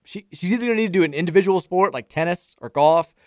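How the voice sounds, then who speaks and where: A man's voice: high voice, quick pace, no room sound, studio quality. A man in his thirties hosting a sports radio show, chatting casually and telling self-deprecating stories about his family. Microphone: studio microphone.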